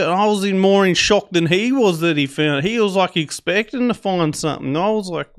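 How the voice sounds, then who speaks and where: A man's voice: high voice, normal speed. A man with an Australian accent telling a personal story on a podcast in a laid-back, chatty way, swearing freely and using plenty of fillers. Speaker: podcast host. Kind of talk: casual storytelling.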